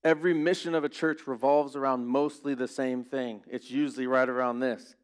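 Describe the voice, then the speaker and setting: Man, pastor, sermon, earnest, emphatic questions, mid pitch. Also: fairly even intonation, brisk, smooth.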